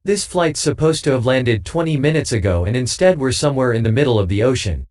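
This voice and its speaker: A man's voice: medium pitch, animated, a little fast, a little mellow, natural voice. A man voicing a rude, demanding male passenger in an audiobook, blustering and accusing. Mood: angry.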